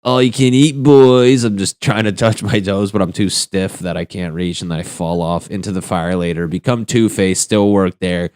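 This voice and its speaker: A man's voice: low voice, fairly even intonation, moderate pace, few pauses, darkish tone, dry recording, studio quality. A young man hosting a solo comedy podcast, rambling through crude jokes and laughing at his own punchlines. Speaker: podcast host.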